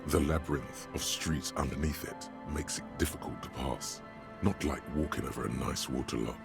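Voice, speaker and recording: An actor voicing a measured, descriptive narrator in a video game. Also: male voice, rumbling low, creaky, exaggerated voice. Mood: solemn. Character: deep omniscient male game narrator. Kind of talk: scripted narration. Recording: game audio over loud music.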